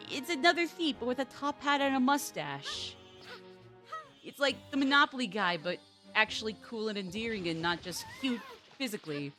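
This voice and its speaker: A woman's voice: medium pitch, a bit bright. A woman streamer giving casual, rambling gameplay commentary, full of "like" and playful swearing.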